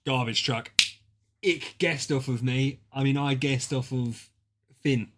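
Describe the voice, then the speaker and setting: A British man at his desk mic, streaming a drawing game with his mates. He is excitable and sweary, with a mid-range voice, trading banter and reacting to every guess. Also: mid-range voice, slow pace. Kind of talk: casual gaming stream chat.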